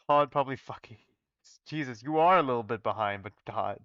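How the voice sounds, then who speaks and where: A man with a bright, crisp voice reads a story on his channel and keeps breaking off into loud, profane asides. The recording is dry and a bit dull. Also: medium pitch, brisk, dry recording. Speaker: video host reading a story aloud. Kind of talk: casual reading commentary.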